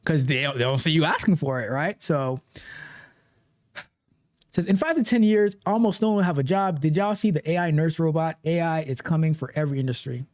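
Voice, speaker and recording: A man hosting a live tech stream, talking casually with animated, repetitive joking asides. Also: a little high, a little fast, no echo, studio quality. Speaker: livestream tech show host.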